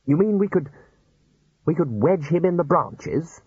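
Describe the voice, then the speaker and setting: A man doing a blustering old head wizard, high and loud. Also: lively intonation, slightly rough, dull audio. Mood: brisk. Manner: brisk, snapping, loud outbursts.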